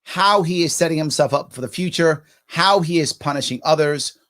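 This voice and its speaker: A man's voice: a little high, normal speed, a bit bright. A man hosting a livestream, reacting sarcastically to a political speech and answering viewer comments. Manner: sarcastic, talks back at the clip. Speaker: livestream host.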